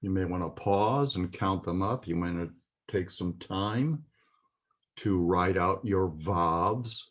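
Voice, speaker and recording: A man's voice: low-pitched, takes it slowly. A man teaching a Biblical Hebrew lesson, explaining letters methodically with occasional fillers. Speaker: Bible language teacher.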